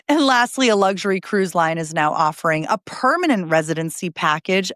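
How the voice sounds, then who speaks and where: Female news host, lowish voice, brisk roundup with chatty asides, dry close mic. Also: big pitch swings, no echo.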